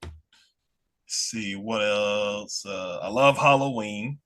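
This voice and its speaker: Bright-voiced Southern man rambling. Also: fairly low pitch, slow pace. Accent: Southern American. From Alabama. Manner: rambling, with frequent restarts and laughs. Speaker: podcast guest. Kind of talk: casual chat.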